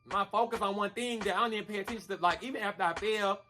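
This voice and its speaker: A man telling a story in a casual storytime vlog, animated and slangy, who keeps calling the listener "girl" and acts out the punches with sound effects. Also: sits high, rapid-fire, a little hiss or hum. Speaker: storyteller vlogger.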